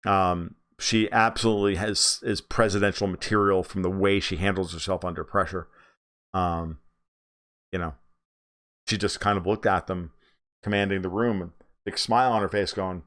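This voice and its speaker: A man's voice: low-pitched, fairly even intonation, moderate pace, a bit bright. A man hosting a casual political livestream, ranting sarcastically and profanely, with many fillers and restarts.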